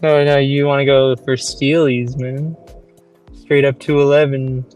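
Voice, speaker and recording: A man's voice: medium pitch, flat delivery, measured pace, darkish tone, clean tone, faint music behind. A man chatting casually in a laid-back, matter-of-fact way. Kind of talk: casual chat.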